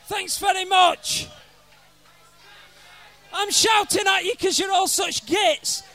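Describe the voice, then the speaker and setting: A comic poet who bellows his rhymes with brash, rowdy swagger. His voice sits extremely high and sounds bright and cutting. He drags his lines out slowly and keeps shouting at the room. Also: steady tone. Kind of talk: shouted comic verse at a live gig. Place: live music venue.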